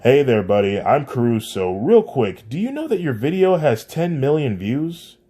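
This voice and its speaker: A man's voice: mid-range voice, big pitch swings, moderate pace, warm tone, husky, voice pushed up. A man voicing a chatty, chummy teenage boy, eager and friendly, over faint music.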